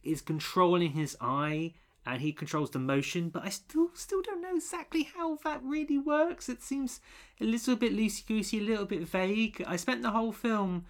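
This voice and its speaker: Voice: mid-range voice, normal speed. A co-host reviewing a film in casual chat, rambling with many restarts and fillers.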